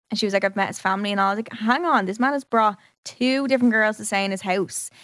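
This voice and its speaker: A woman's voice: mid-range voice, no room sound, clean studio sound. A young woman, chatting casually as she tells a personal story and acts out both sides of each conversation. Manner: chatty, heavy use of "like", quotes herself and others. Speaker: vlogger.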